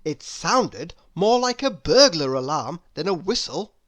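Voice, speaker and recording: A woman reading a children's story aloud, expressive and asking the listener questions. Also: lowish voice, a little slow.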